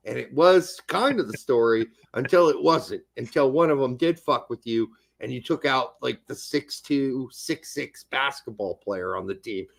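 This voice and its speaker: A middle-aged man and podcast co-host, telling a story in profane, animated casual chat. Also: mid-range voice, moderate pace, gravelly, few pauses.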